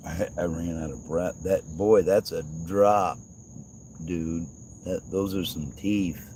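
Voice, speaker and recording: Livestream host, deep gravelly man, unhurried, teasing and joking banter. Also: fairly even intonation, a little mellow, slight background noise, rough recording. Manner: joking, teasing, laughs often. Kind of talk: rambling casual chat.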